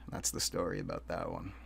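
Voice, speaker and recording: A man's voice: low voice, big pitch swings, moderate pace, vocal fry, sharp tone, breathy edge. A young man co-hosting a podcast and telling a story in a casual, rambling way, swearing a lot and filling his talk with "like" and "dude". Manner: profane, rambling, full of fillers. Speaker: podcast co-host.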